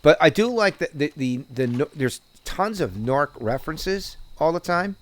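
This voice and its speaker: A man's voice: on the high side, very animated, normal speed, slight background noise. A man with a New Jersey accent, chatting casually as a podcast co-host, rambling and profane with many restarts. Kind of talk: casual chat.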